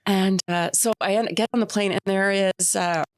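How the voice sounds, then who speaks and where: A woman's voice: mid-range voice, steady tone, moderate pace, no echo. A woman in her thirties from Canada, co-hosting a casual chat podcast and telling stories with frequent laughter. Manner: chatty storyteller, laughs often. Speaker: podcast co-host.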